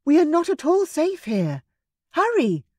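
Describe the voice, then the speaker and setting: A woman's voice: high-pitched, sing-song, a little slow, no echo, studio quality, pitched above the performer's own voice, heavily acted. Woman voicing a bold Regency young lady. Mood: urgent. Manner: urgent, commanding shouts. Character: brave young Regency lady, quick-witted.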